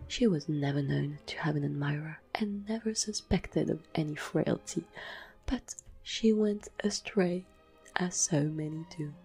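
Give me a woman whispering an ASMR story reading, low and very breathy. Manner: slow, hushed, evenly paced reading. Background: soft classical music.

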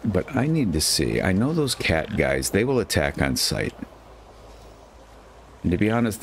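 A man with a very low, deep voice talks his way through a survival game in loose, rambling commentary. He chats to his on-screen character and jokes at his own expense, with a faint hiss under the recording. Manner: chatty, self-mocking, talks to his character. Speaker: gaming channel host. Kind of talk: casual gameplay commentary. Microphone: headset.

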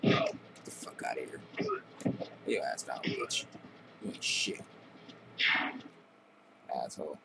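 A man's voice: very deep voice, lively intonation, slow pace, creaky, pauses often, noisy background. A young man giving casual, profane trash-talking commentary while playing a video game. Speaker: gameplay commentator.

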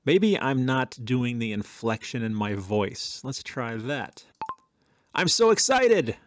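A man hosting a tech channel, chatting casually through a software demo with some fillers and dictated test sentences. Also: medium pitch, slow, a little hiss or hum.

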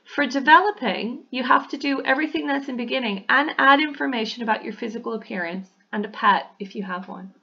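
A woman's voice: a little high, brisk, vocal fry, few pauses, husky. A woman teacher, talking through a lesson voice-over in a patient way and often checking in with "okay?". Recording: dull, lo-fi audio.

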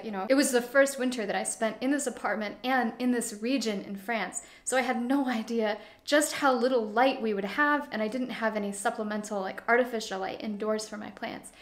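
A young woman giving a casual, chatty tour of her houseplants, shifting between cozy quiet asides and excited bursts. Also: fairly high pitch. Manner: chatty and animated, swings between cozy hush and excited outbursts. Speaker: plant YouTuber. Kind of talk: casual plant tour vlog. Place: living room full of plants. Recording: echoey room.

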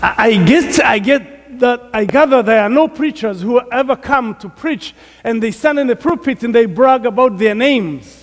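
A man with an African accent preaches a jovial sermon, laughing easily as he talks. His voice sits high for a man. It rings out with the long reverb of a large church sanctuary. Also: expressive, normal speed, hardly any pauses. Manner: jovial, laughs often between remarks. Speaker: guest preacher. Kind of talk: sermon with prayer.

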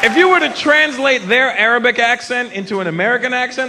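A man performing a stand-up comedy set on a theater stage in an animated, mocking way, often slipping into impressions. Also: very high voice, brisk, few pauses. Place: theater stage before a live audience. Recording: live show with loud crowd and noise. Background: loud audience laughter.

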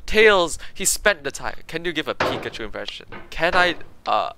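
A man's voice: a little high, big pitch swings, normal speed, creaky, noisy background. A young man streaming a frustrating game, chatting casually to viewers, rambling and groaning, with game music behind him. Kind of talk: casual gaming livestream chat.

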